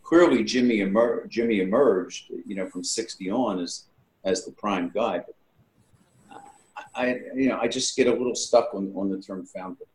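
A man in casual conversation, speaking haltingly and with admiration. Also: on the low side, darkish tone. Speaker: discussion participant. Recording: echoey room.

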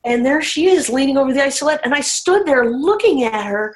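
A woman's voice: sits high, expressive, a little fast, few pauses, poor audio. A woman speaking as an interview guest, telling a personal recovery story in a candid, emotional way.

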